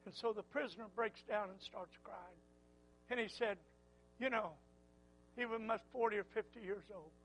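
An older man preaching a sermon, repeating his phrases and swinging from quiet murmurs to loud fervent calls. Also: high-pitched, normal speed, long pauses, a little hiss or hum, low-quality recording.

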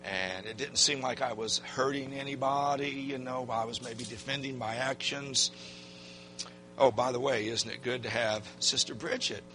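With slight background noise, an older pastor of medium pitch preaches at a moderate pace. He relates a personal story in a folksy, lively way, imitating what people said.

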